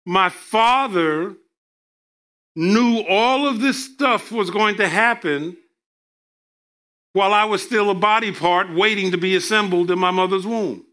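A male preacher delivering a sermon, reading scripture with emphatic, drawn-out delivery and joking asides. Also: high-pitched, bright, forceful tone.

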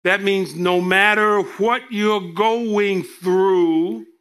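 A male preacher delivering a sermon, reading scripture with emphatic, drawn-out delivery and joking asides. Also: sits high, fairly even intonation, a bit bright, smooth.

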